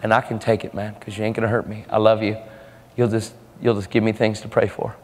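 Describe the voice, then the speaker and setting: A man's voice: on the low side, flat delivery, fast talker, a little hiss or hum. A man preaching a storytelling sermon in an earnest, casual way, often repeating his words. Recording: echoey hall with faint music.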